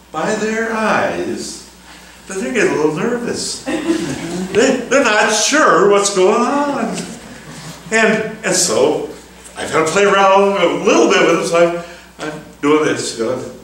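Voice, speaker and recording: A man's voice: slow, a little hiss or hum. Older man telling fishing yarns in an echoey hall. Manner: folksy, chuckling, acts out dialogue in high excited voice. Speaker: charter fishing boat skipper telling stories. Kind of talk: storytelling lecture. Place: town hall lecture room. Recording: echoey hall, far from mic.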